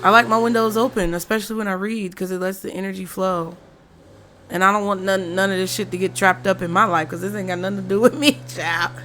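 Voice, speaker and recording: This tarot reader talks quickly and steadily, her mid-range voice fairly bright, as she gives a casual reading at home, cursing and musing aloud over each card. A window is open, letting in faint traffic and street sounds.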